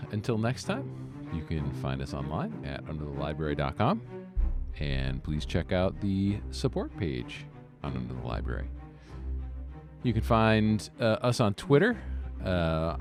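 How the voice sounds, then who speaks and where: Deep-voiced man hosting a sign-off over music. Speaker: podcast host. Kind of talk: episode sign-off. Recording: music bed under the voice.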